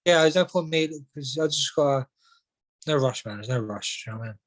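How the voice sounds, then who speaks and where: Young man, quick-fire podcast guest, peppers every line with "mate". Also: mid-range voice, expressive, low-quality recording. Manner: rapid, says "mate" and "do you know what I mean" constantly. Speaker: professional boxer guest. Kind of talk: casual podcast chat.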